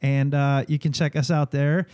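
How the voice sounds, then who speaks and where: A man hosting a podcast chats in a friendly way, laughing easily at his guest. His voice is slightly high and mellow. The mic is close and dry. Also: little pitch movement, moderate pace, dry recording. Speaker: podcast host. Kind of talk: casual interview chat.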